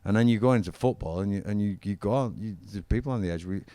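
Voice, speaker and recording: Deep-voiced man, chatty and enthusiastic. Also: quick pace, warm tone. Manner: enthusiastic, rambling storyteller. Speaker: interview guest, former football manager and musician. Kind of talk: casual chat.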